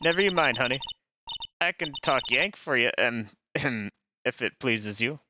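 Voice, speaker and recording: A man's voice: mid-range voice, animated, unhurried, background noise, natural voice. A man voicing a feisty, folksy country woman from the American South in a put-on Southern drawl, with game music underneath. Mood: friendly.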